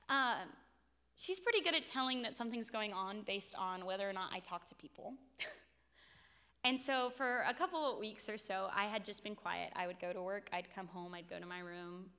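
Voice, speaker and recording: A woman's voice: medium pitch, moderate pace, sharp tone, clear, resonant tone, big-room sound. A woman in her twenties giving a sermon, telling a personal story in an earnest, confessional way. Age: 20s. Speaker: speaker at a faith talk.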